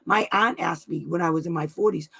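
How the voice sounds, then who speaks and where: A woman's voice: fairly low pitch, brisk, vocal fry, fairly bright tone, breathy edge. A middle-aged woman hosting a weekly live advice stream from home, chatting effusively and laughing often. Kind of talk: casual live-stream chat.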